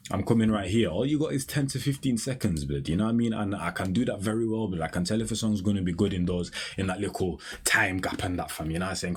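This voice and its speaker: Fast-talking young man. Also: sits low, darkish tone, slightly rough. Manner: rapid slangy chatter, constant fillers. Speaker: music reaction host. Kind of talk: casual reaction commentary.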